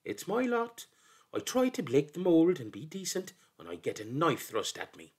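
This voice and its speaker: A man's voice: on the high side, huge pitch swings, moderate pace, slightly rough, voice pushed up, heavily acted. A man voicing a small, timid male tinker with a tiny, anxious, grumbling voice in a storybook reading. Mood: aggrieved. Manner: tiny anxious voice, sulky and aggrieved.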